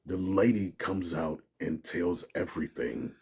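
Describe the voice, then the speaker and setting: A man's voice: sits low, measured pace, husky. A man giving an interview, telling a story in a casual way and acting out what people said. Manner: animated storyteller, acts out quotes, laughs often. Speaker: interview guest.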